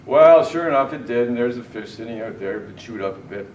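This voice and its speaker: A man's voice: medium pitch, expressive, a little fast, dull audio. A middle-aged man telling fishing anecdotes in a tribute speech at a party, chuckling often as he goes. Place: large indoor party room. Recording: echoey, distant, noisy party room.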